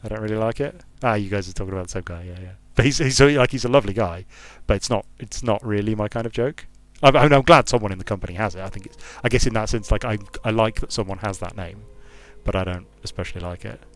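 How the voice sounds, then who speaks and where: With no echo and hardly any pauses, a British game designer talks fast in a lowish voice as he streams a strategy game. He wanders off topic casually, thinking out loud in a British English accent.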